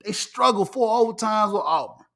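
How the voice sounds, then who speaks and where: High-voiced emphatic man. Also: normal speed. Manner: animated and emphatic, repeating words. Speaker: podcast host. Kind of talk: casual sports chat.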